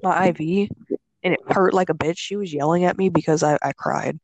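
A woman's voice: deep voice, fairly quick, darkish tone, no room sound. A young woman in casual chat, blunt and swearing, full of "like".

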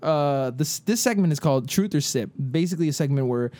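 A man co-hosting a casual podcast, his voice pitched a little high. He rambles, lacing his talk with fillers and playful jokes as he explains and asks questions. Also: animated, fairly quick, warm tone, dry recording. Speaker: podcast co-host.

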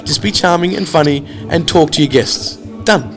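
A man telling a casual, animated story about staying at a hostel. He swears freely and acts out each side of the arguments he recounts. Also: a little high, moderate pace, over music.

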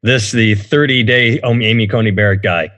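A man's voice: fairly low pitch, normal speed, a bit bright. A man hosting a casual comedy podcast, reading news stories aloud and riffing on them with sarcasm. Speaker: podcast host.

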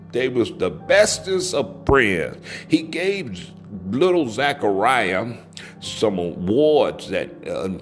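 Male storyteller, slow and lively in pitch, folksy with stretched-out emphasis, soft music underneath.

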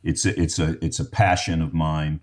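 A man who is a podcast guest, telling anecdotes in casual interview talk with an animated, storytelling manner. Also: extremely low pitch, normal speed.

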